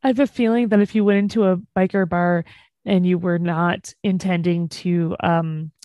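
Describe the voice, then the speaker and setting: Measured woman explaining, close dry sound. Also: lowish voice, steady tone, dark tone, dry recording, dull audio. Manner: measured, explanatory, light fillers. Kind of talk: conversational discussion.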